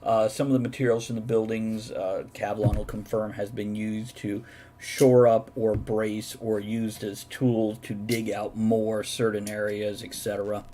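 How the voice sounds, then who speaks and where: A man's voice: on the low side, level tone, measured pace, mellow, a little hiss or hum. Methodical male game master. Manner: explanatory, methodical, often laughing. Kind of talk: running a tabletop game over voice chat.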